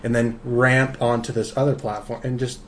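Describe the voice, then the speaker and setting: A man hosting a casual podcast chat, talking haltingly with many fillers and restarts. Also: mid-range voice, flat delivery, slight background noise. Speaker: podcast host.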